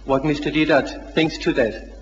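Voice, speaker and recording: A man's voice: a little high, steady tone, moderate pace. Earnest man questioning from a lecture floor. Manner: polite, earnest, persistent. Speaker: audience member asking a question. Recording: dull old hall recording with reverb and hiss.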